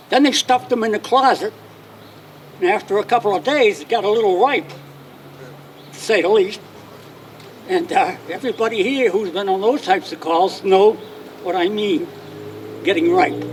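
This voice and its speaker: A man's voice: sits high, recorded from a distance, slight background noise. An older man, a retired detective telling wry anecdotes to an audience and acting out the dialogue. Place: outdoor public dedication ceremony.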